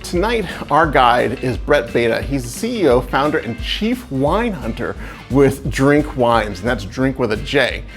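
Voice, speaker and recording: Lively casual man hosting an event. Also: medium pitch, measured pace, faint music behind. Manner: casual, chatty, a little scattered. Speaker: event host.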